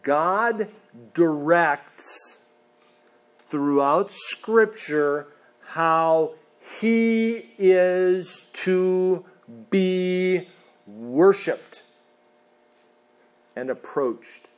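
Male pastor, slightly high voice, slow deliberate delivery, earnest sermon. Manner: earnest preaching with shrill put-on voices for quoted people.

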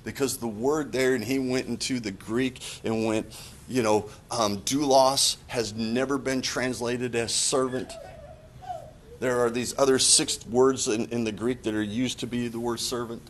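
A man's voice: medium pitch, fairly even intonation, a little slow, a little hiss or hum. A man giving a sermon in an earnest, confessional way, often stopping and restarting his phrases. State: choked up. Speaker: preacher.

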